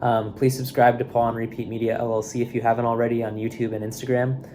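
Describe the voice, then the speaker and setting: A man hosting a stream, giving a relaxed recorded announcement, a little tired. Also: mid-range voice, quick pace, slight background noise. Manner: relaxed, loose, with fillers. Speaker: stream and podcast host.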